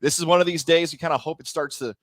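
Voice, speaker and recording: A man co-hosting a casual sports talk show, laying out standings and scenarios in a steady, methodical way. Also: on the high side, fast, no echo.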